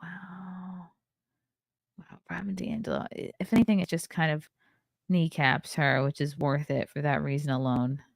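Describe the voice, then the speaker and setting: Streaming at her webcam-equipped home desk, a woman reviews a film and reads chat in a rambling, casual live-stream style full of sarcastic remarks. Her voice sits low and sounds creaky, moving at an ordinary speed. The recording is clean and studio-like, with no room sound at all.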